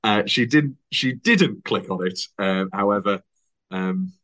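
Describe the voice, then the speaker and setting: A man's voice: on the low side, a little slow. A young man hosting a casual film podcast, chatty and laughing often. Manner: chatty, laughs often, lively retelling with put-on voices. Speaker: podcast host.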